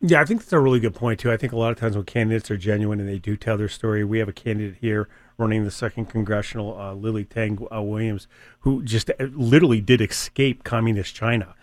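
A man's voice: fairly low pitch, steady tone, quick pace, no room sound. Chatty man hosting talk radio. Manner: chatty, joking, many fillers and restarts. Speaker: radio talk show host. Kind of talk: casual talk radio chat.

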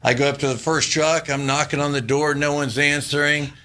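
Bright-voiced former ballplayer telling stories. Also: male voice, on the high side, a little fast. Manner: animated anecdotes, laughing often. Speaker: former baseball player, guest. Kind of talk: casual storytelling interview.

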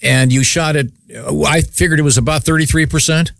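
A man hosting morning radio, hesitant with many fillers and quick to laugh, on a studio mic. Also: on the high side, fairly even intonation, vocal fry, a bit bright, no room sound. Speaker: radio host. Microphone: studio mic with headphones.

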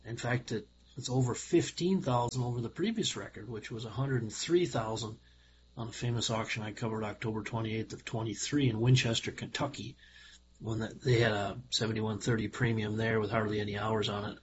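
A man's voice: lowish voice, fairly even intonation, brisk. A middle-aged man from Minnesota giving a casual, rambling spoken report on farm equipment auctions, with plenty of fillers and digressions. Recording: dull lo-fi with faint hum.

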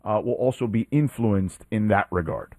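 A man's voice: on the low side, moderate pace, mellow, no echo, studio quality. A man co-hosting a casual sports talk show, arguing his point emphatically. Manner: emphatic, argumentative, rising when pressed. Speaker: sports podcast co-host. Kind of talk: casual debate.

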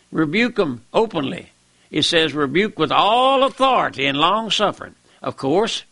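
A man's voice: on the high side, vocal fry, pushed and bright, no room sound. An older man preaching an impassioned, emphatic sermon, repeating his points and calling out to his listeners. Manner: impassioned, emphatic, repeats phrases and calls out "my friend". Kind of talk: fiery radio-style sermon.

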